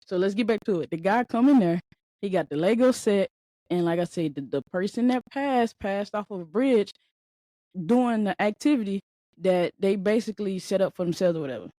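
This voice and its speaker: A woman's voice: mid-range voice, moderate pace, warm tone, no room sound, clean studio sound. A woman hosting a podcast, telling a story in a rambling, conversational way and talking straight to her listeners. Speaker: podcast host. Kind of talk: casual storytelling chat.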